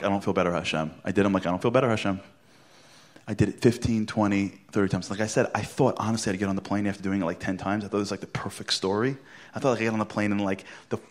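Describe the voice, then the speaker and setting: Telling a story to a crowd, this Brooklyn-born, middle-aged motivational speaker talks fast in a slightly low voice. He performs each line of dialogue with theatrical flair, shifting between loud outbursts and near whispers and going hushed for the punchlines.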